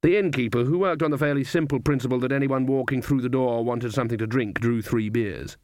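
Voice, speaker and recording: A man narrating a comic fantasy audiobook in a dry, measured storytelling manner. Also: medium pitch, darkish tone, no room sound. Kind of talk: scripted narration.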